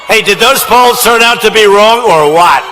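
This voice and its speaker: A man giving a campaign rally speech in a large indoor hall, shouting with emphatic, repetitive phrasing into a podium microphone. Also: sits high, normal speed, a crowd in the background, background noise. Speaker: politician at a rally.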